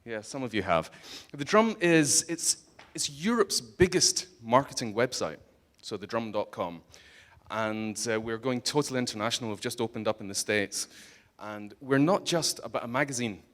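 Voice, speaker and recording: A man's voice: medium pitch, lively intonation, normal speed, fairly bright tone. A man with a Scottish accent giving a humorous conference talk, joking and teasing the audience bluntly. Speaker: conference speaker. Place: conference hall stage.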